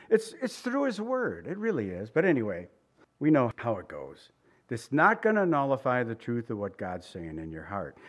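Man preaching a lively conversational sermon. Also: a little high. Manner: conversational, rhetorical asides, slows for emphasis. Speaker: pastor.

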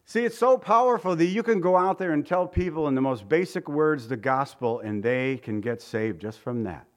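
A man's voice: fairly high pitch, animated, normal speed. A man preaching a conversational Easter sermon, joking with the congregation and asking rhetorical questions. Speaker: pastor.

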